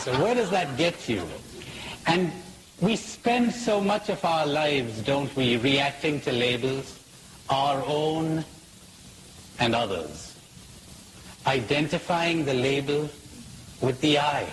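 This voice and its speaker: A man giving a spiritual talk, asking slow reflective questions and telling jokes. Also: on the high side, expressive, echoey room, big-room sound, poor audio. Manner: storytelling with jokes, laughs at own punchlines. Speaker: spiritual teacher. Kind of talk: recorded public talk. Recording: faint hiss, 1980s talk recording.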